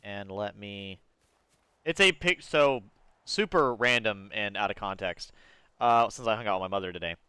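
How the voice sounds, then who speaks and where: A man from Georgia streaming a game, chatting loosely with viewers in a rambling, profane way with sudden excited jumps in pitch. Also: normal speed, smooth, no room sound. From Georgia, USA. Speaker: gaming streamer. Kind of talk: casual live-stream chat while gaming.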